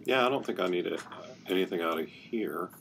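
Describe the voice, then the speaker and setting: A man's voice: low-pitched, fairly quick, gravelly, a bit bright, slight background noise. A man playing a tabletop game, matter-of-fact about his gear. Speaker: player. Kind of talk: casual tabletop chat.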